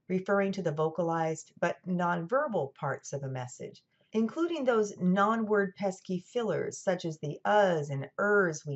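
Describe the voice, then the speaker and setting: Woman lecturer, lowish voice, dull recording. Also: darkish tone. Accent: General American. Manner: clear, measured explaining with dry asides. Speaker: college lecturer. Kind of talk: scripted lecture narration.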